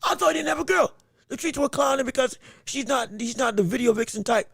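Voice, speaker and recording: A man's voice: very high-pitched, quick pace, vocal fry, husky, no room sound, clean studio sound. A man hosting a sports podcast, talking animatedly and casually, often repeating words and laughing as he goes. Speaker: podcast host. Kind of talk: solo sports commentary podcast.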